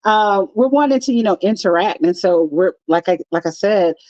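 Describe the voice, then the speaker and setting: A woman's voice: medium pitch, lively intonation, normal speed, dark tone, dry recording, muffled recording. A middle-aged woman co-hosting a live chat show, talking in a direct, matter-of-fact way. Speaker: co-host.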